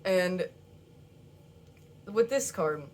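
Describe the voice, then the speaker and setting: A woman's voice: fairly low pitch, animated, drawn-out words, a little mellow. A young woman giving a casual tarot reading to camera, chatty and emotional, repeating words and laughing often. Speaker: tarot card reader.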